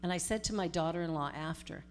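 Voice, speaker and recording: A middle-aged woman, a minister giving a storytelling sermon in a conversational, animated way. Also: fairly low pitch, quick pace, faint music behind. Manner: conversational, animated retelling with acted-out quotes.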